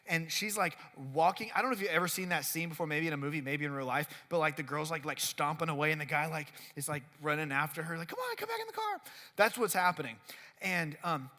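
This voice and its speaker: A man's voice: high-pitched, pushed and bright. A man preaching a casual youth sermon in a worship center, telling a story in a chatty way that leans heavily on "like" and acts out the quotes. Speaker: youth pastor. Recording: long reverb of a worship hall.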